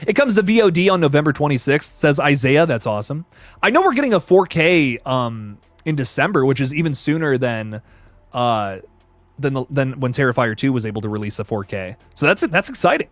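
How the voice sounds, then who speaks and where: A young man talks through a livestream with excitable, profane energy, reading out viewer comments and reacting on the fly. His voice sits a little high and swings widely in pitch. The sound is dry and close, with no room around it. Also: fairly quick, no echo, soft background music. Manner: excitable, profane, reads chat comments aloud. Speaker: horror movie reviewer on livestream. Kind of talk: casual livestream chat.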